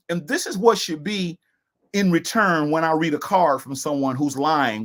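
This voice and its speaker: A middle-aged man co-hosting a casual discussion broadcast, talking in an emphatic, preachy way. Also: a little high. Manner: preachy, emphatic, sings and repeats lines. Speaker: co-host.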